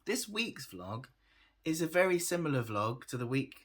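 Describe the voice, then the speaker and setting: A man's voice: mid-range voice, big pitch swings, normal speed. A tired man chatting casually to his camera as a vlogger, laughing often and making fun of himself. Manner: chatty, laughs often, self-deprecating, trails off.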